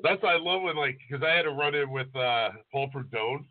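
A man's voice: medium pitch, a little fast. A man co-hosting a casual podcast, telling loose, crude stories and acting out the voices of people he met. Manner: loose storytelling, crude jokes, acts out voices. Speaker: podcast co-host, chef. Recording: tinny phone-like audio.

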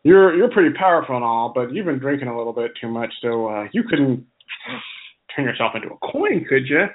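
A man's voice: medium pitch, big pitch swings, brisk, lightly acted. A man voicing a stingy male drunkard trickster who talks in a coaxing, wheedling way, heard over a phone-like narrow line.

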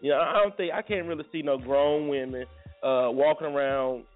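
His voice is fairly high and steady, at a normal speed. As a morning show host on a casual radio chat, he rambles and jokes with lots of restarts, and the audio sounds tinny and phone-like with faint background music.

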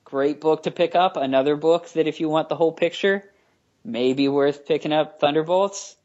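A man's voice: on the high side, moderate pace, darkish tone, dull audio. A man, a comic book writer, talking as a guest in a casual podcast interview, stopping and restarting often and joking with dry sarcasm.

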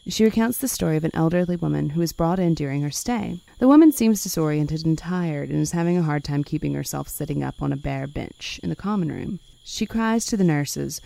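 A woman's voice: low-pitched, expressive, brisk, vocal fry, few pauses, warm tone, no room sound. A woman hosting a conversational history podcast, reading passages aloud dramatically and adding wry asides. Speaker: podcast host.

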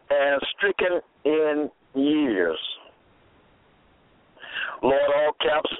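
A man hosting a radio Bible program, lecturing in a slow, deliberate way and repeating his key phrases for emphasis. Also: on the high side, no room sound. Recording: tinny phone-like dry audio.

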